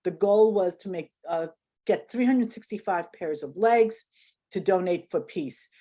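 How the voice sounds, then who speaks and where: With a low, dark voice and a slightly slow pace, this older woman recounts stories as an interview guest. She's lively, laughs a lot, and performs the quoted lines.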